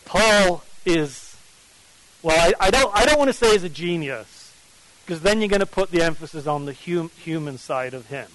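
An English-accented preacher with a fairly high voice, teaching at an early morning Bible study. He is emphatic and keeps drawing answers from the room. The sound is dry and close. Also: animated, normal speed, fairly bright tone, no room sound, low-quality recording. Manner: emphatic, questions the audience. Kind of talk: sermon.

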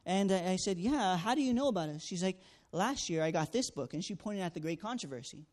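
A man tells a personal testimony in an earnest, storytelling manner. His voice sits a little high for a man. He acts out each exchange and leans on fillers as he goes. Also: lively intonation, brisk, darkish tone. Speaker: student canvasser sharing a testimony.

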